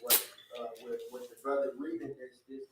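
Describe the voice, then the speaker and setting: Man, flat voice, halting speech, distant, echoey, faint noise. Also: mid-range voice. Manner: halting, repeating himself. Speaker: class member. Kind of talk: casual class discussion.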